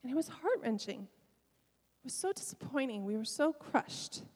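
A middle-aged woman pastor preaching a sermon, telling a personal story with emotion and soft laughs. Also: sits high, animated, unhurried, breathy edge, big-room sound.

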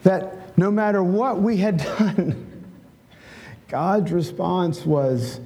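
A man's voice: high voice, lively intonation, very slow, mellow. A middle-aged male pastor giving a conversational sermon, often checking in with "right?" and leading a prayer.

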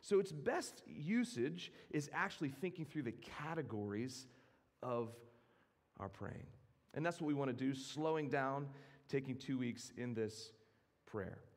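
A man preaching a sermon as a pastor, measured and reflective, with occasional restarts. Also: mid-range voice, expressive, in a large hall.

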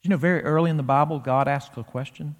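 A man preaching an expository sermon in a church, lively and slowing his delivery to stress key points. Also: fairly high pitch. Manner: animated expository preaching, slows down for emphasis. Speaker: pastor. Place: church sanctuary. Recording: long reverb of a church hall.

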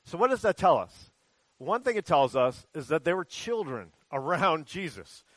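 A man preaching a children's sermon in a church, talking conversationally and storytelling with lively acted quotes. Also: on the high side, normal speed, no room sound. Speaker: pastor. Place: church sanctuary.

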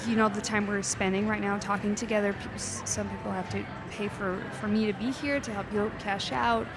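A woman's voice: mid-range voice, steady tone, a little fast. A woman performing improv comedy scenes, playful and talkative with nervous fillers. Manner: playful, switching between characters, nervous fillers.

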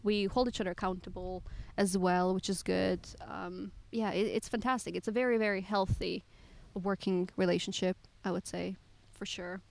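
A chatty woman in casual conversation, a game developer who laughs easily. Her talk is loose and warm, full of little fillers and self-corrections. She speaks at a middle pitch, outdoors. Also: steady tone, moderate pace, vocal fry, few pauses. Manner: chatty, laughs often, many fillers and restarts.

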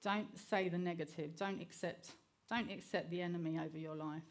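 A woman's voice: on the low side, steady tone, moderate pace. A middle-aged woman giving an earnest sermon, mixing personal stories with scripture and often checking in with the listeners by asking "okay?". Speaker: preacher.

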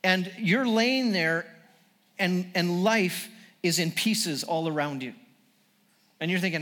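High-voiced earnest male pastor preaching. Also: unhurried, pauses often, fairly bright tone, long reverb tail. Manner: earnest, repetitive restarts, building emphasis. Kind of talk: sermon.

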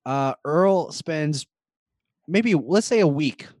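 A man's voice: on the high side, lively intonation, takes it slowly, a little mellow, no room sound. Guy on a podcast cracking jokes, laughs a lot, dry close sound. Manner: joking, laughs often. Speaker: podcast co-host. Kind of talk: casual chat.

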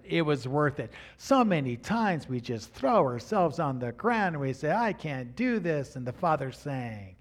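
Middle-aged male pastor, sermon, fairly high pitch, dynamic delivery, addresses the congregation. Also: animated, moderate pace, hardly any pauses. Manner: dynamic preaching, rising to near shouts at the peaks. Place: church sanctuary before a congregation.

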